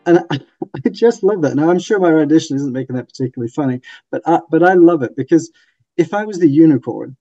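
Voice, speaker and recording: A man's voice: a little high, lively intonation, fast, dark tone, no echo, dull audio, soft background music. A man hosting a casual book discussion, speaking enthusiastically and laughing often. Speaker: podcast host and book reviewer.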